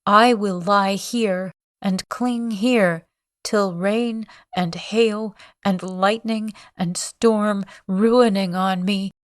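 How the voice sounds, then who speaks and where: A woman's voice: medium pitch, fairly even intonation, drawn-out words, dry recording, studio quality. A woman voicing a grief-crazed old man. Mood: raving grief. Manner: anguished, bitter, raving cries. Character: grief-maddened old man, bitter and wild.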